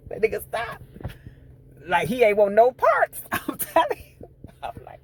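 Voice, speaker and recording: A man's voice: high-pitched, wildly swooping pitch, unhurried, long pauses, slight background noise. A man recapping a TV episode in a casual, profane storytelling style, acting out the scenes as he goes. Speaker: TV show reviewer.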